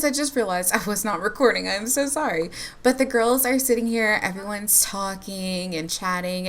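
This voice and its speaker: With slight noise behind her, a life-sim gameplay YouTuber chats to her viewers in a medium-pitched voice. The commentary is casual and bubbly, and she laughs a lot.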